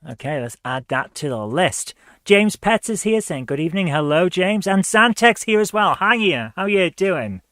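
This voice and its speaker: A woman's voice: fairly low pitch, sing-song, a little slow, a bit bright, no echo. A woman hosting a live retro gaming stream, reading viewer comments aloud in a chatty, upbeat way and laughing easily.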